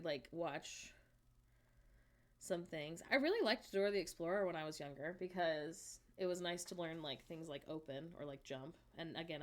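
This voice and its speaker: A woman in her thirties streaming and chatting casually with her viewers, reading their comments aloud and answering with frequent laughs. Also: lowish voice. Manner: chatty, laughs often, reads and answers chat.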